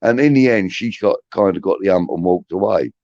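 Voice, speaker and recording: A man's voice: low voice, fairly quick, a little mellow, dry recording. A middle-aged man, hosting a podcast and rambling through chatty, swear-laden anecdotes. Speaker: podcast host. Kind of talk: casual storytelling. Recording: dull, muffled audio.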